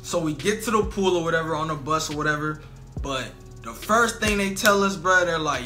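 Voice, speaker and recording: A man's voice: on the high side, fairly quick, bright, forceful tone, soft background music. A young man telling a funny storytime vlog in slangy casual talk, full of "bro" and "you know what I'm saying". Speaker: storytelling vlogger.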